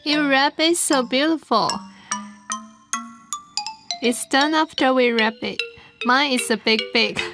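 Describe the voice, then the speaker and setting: A cheerful female teacher in a dubbed TV drama, speaking high and slow as she coaches her class. She is patient and encouraging and has the students echo each word. Music plays beneath her lines. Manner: patient, encouraging, repeats words for learners to echo.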